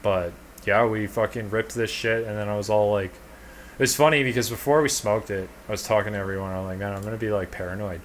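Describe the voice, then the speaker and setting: A man's voice: on the low side, fairly even intonation, a little fast, a little hiss or hum. A man co-hosting a podcast, telling a long casual story in a rambling, profane, laid-back way. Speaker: podcast co-host.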